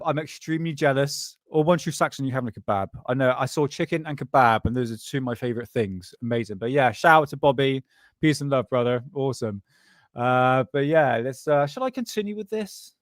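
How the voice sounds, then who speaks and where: Brief: male streamer, stoned and rambling, mid-pitched, dry close sound. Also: a little fast, dry recording. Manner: rambling, chatty, swears and laughs often. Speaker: live stream host. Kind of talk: casual live-stream chat.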